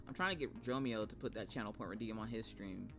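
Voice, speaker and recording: A woman's voice: extremely low pitch, fast talker, over music. A woman hosting a live stream in casual chat, greeting viewers and laughing often. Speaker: streamer host.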